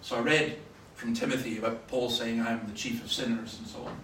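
A Scottish man preaching a sermon, telling stories with sudden loud bursts of emphasis. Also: medium pitch, steady tone, brisk. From Scotland. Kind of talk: sermon with anecdotes. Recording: roomy, from far off, faint noise.

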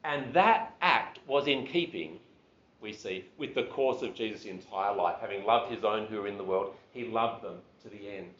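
A man's voice: on the low side, moderate pace, lo-fi sound, a little hiss or hum. Conversational male preacher, roomy sound. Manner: conversational, animated, with self-deprecating asides. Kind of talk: sermon.

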